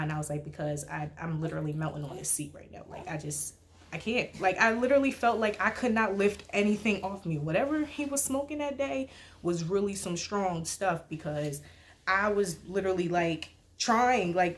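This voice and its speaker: Young woman vlogger, casual storyteller, slangy and animated, faint room noise. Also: mid-range voice, moderate pace. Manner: slangy, animated, heavy use of "like".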